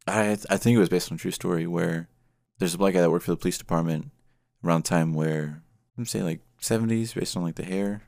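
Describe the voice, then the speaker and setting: Very deep gravelly male storyteller. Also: brisk, darkish tone, no room sound, studio quality. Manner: rambling, hedging storyteller. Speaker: podcast co-host. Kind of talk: casual chat.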